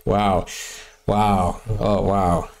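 A man with a fairly low voice hosts a reaction video in an easygoing, chatty way. He laughs at himself and stumbles over words as he talks. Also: level tone, drawn-out words, creaky, a little mellow, slight background noise. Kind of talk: casual chat.

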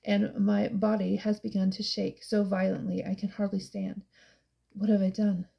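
A woman reading a first-person novel aloud as an audiobook narrator, in a hushed, tense and emotional way. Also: mid-range voice, flat delivery, normal speed, vocal fry, muffled recording.

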